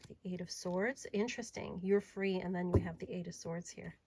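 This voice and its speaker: An adult woman showing off her tarot and oracle decks in a casual video, chatty and enthusiastic, sometimes dropping to a soft murmur. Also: lowish voice, fairly even intonation, normal speed, background noise. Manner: chatty and enthusiastic, drifting to soft murmurs while handling cards. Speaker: tarot reader and deck reviewer. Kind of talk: casual show-and-tell video.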